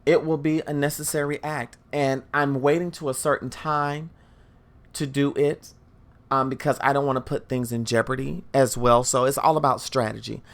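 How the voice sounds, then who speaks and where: A woman's voice: rumbling low, fairly even intonation, normal speed. Emphatic woman addressing listeners directly. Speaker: podcast host. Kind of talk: storytelling monologue.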